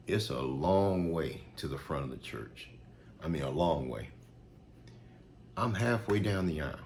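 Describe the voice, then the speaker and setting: A man's voice: a bass voice, slight background noise. A man earnestly retelling a personal faith experience, repeating himself with restarts and fillers. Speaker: storyteller. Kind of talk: personal testimony storytelling.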